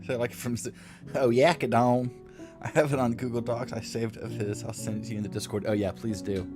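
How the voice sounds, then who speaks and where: A man's voice: on the low side, fairly even intonation, fast, over music. A man streaming his game-modding work, chatting casually and joking with viewers while he edits textures. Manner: rambling, joking, talks to chat while editing. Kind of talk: casual live-stream chat while working.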